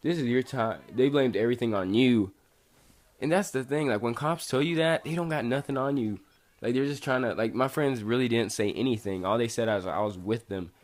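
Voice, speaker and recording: A man's voice: medium pitch, fairly quick. A young man telling a personal story casually, rambling and profane, laughing at himself and acting out what people said.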